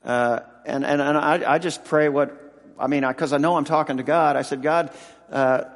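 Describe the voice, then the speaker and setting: Halting man in his sixties preaching. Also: a little high, steady tone, vocal fry, big-room sound. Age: 60s. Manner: halting, emotional storytelling with many restarts. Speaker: pastor and football team chaplain. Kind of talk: sermon.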